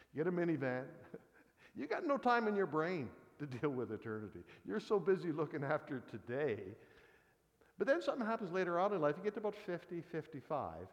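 A man in his sixties giving a conversational sermon, telling a personal story in a folksy way. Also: a little high. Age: 60s. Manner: folksy, storytelling, frequent "kind of thing" asides. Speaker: preacher. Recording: long reverb of a large hall.

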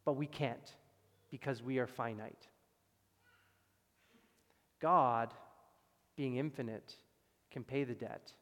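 A man's voice: mid-range voice, slow, pauses often. Emphatic male preacher in a reverberant church. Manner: emphatic, swings from loud stresses to quiet drops. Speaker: pastor. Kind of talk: sermon. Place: church sanctuary. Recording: long reverb of a church hall.

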